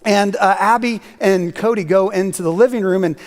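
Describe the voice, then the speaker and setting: A man's voice: high-pitched, normal speed. A man preaching a sermon as a guest speaker, telling stories in a loose, conversational way with many fillers. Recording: long reverb of a church hall.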